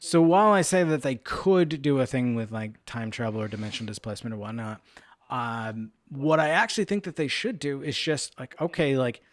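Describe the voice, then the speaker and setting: A man's voice: medium pitch, fairly quick, no room sound. A man with a mid-range voice shares rambling, opinionated takes on a casual podcast. He is recorded dry and close to the mic. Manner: rambling and opinionated, lots of fillers and restarts. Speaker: podcast co-host.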